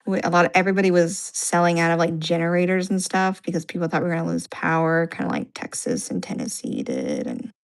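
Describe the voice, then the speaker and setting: Low gravelly woman chatting casually. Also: animated, quick pace, hardly any pauses. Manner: chatty, peppered with "like". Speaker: livestream co-host. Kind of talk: casual chat.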